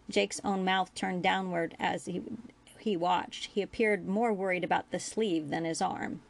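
A woman reading fan fiction aloud as a storyteller, with a steady pace and small slips. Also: fairly low pitch, gravelly. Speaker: audiobook reader.

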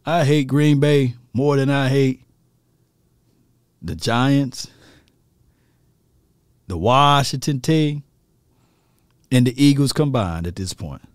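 A man's voice: medium pitch, slow pace, pauses often, no room sound, clean studio sound. Ranting man. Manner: animated, ranting, laughing at himself. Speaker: sports fan commentator. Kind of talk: ranting fan commentary.

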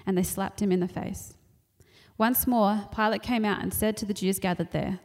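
A woman reads a scripture passage aloud at a steady, measured pace. Her voice sits in an ordinary middle pitch. The delivery is plain and even. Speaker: scripture reader.

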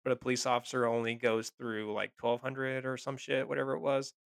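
Male podcast co-host, gravelly, sarcastic and profane, close and dry. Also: mid-range voice, little pitch movement, fairly quick, dry recording. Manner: profane, sarcastic, laughs often. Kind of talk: casual chat.

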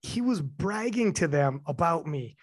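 A man in his forties tells a personal story in a loose, candid chat, swearing freely and not hiding his feelings. His voice sits a little high for a man. The recording is close and dry. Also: animated, a little slow, slightly rough, no room sound. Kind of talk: casual chat.

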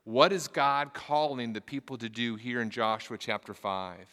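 A man's voice: medium pitch, moderate pace, pushed and bright, big-room sound. A man preaching a sermon, reading scripture aloud and telling a story with earnest emphasis and casual asides. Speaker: pastor.

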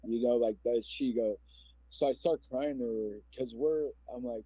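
A man's voice: medium pitch, moderate pace, dark tone, no room sound. A man in his forties from Omaha, Nebraska, telling his personal story as a podcast guest in an earnest, rambling, emotional way. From Omaha, Nebraska, USA. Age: 40s.

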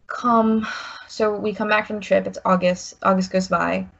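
A woman's voice: mid-range voice, little pitch movement, moderate pace, gravelly, a bit bright. A woman in her twenties telling a personal story, rambling with many "like"s and restarts. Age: 20s. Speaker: guest sharing a personal story. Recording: slightly muffled recording.

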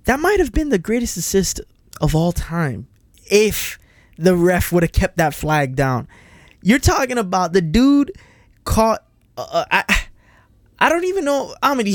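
A man co-hosting a casual football podcast, lively and joking. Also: moderate pace, no room sound, studio quality. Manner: lively, joking, swings in pitch. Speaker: podcast co-host.

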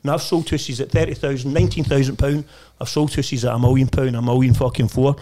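A man's voice: medium pitch, little pitch movement, fast, dark tone. A Scottish man from Lanarkshire, an estate agent guest telling stories in a casual podcast chat, blunt and boastful and swearing constantly. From Lanarkshire, Scotland.

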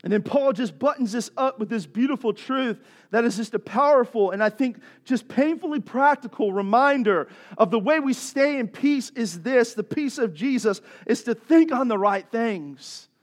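A man's voice: very high-pitched, animated, normal speed, few pauses. A man preaching a sermon as a pastor, impassioned and repeating phrases for emphasis.

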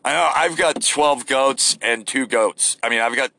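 A man's voice: medium pitch, a little slow, vocal fry, sharp tone, dry recording. A man ranting casually while driving, rambling and profane, rude and crude by his own account. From United States. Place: in a car on the road.

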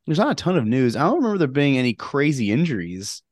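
A male podcast co-host talks fast in a mid-range, slightly mellow voice with big pitch swings, recorded in studio quality with no room sound. He rambles and jokes through casual chat, laughing often.

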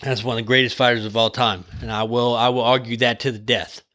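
Speaking quickly at medium pitch, a young man hosting a podcast veers from shouting to easygoing jokes in an expletive-laden pep talk. All the yelling leaves his throat dry.

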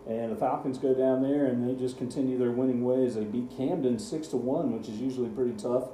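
Dark-voiced man rattling off scores. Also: mid-range voice, steady tone, brisk, echoey room, slight background noise, rough recording. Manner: rattles off scores, dry sarcasm. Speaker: sports talk co-host. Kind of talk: casual radio sports chat.

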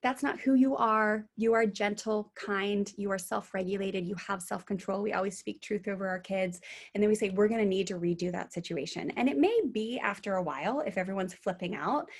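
A woman's voice: mid-range voice, moderate pace. A woman in her thirties, a parenting coach, chatting earnestly and acting out quotes as she tells stories. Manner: earnest, animated storytelling with acted quotes. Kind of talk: casual podcast chat.

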